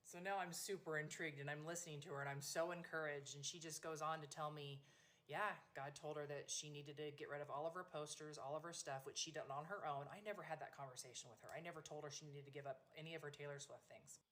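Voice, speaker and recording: A woman's voice: low voice, fairly even intonation, fast talker, fairly bright tone. Earnest middle-aged mother telling a story. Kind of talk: personal testimony.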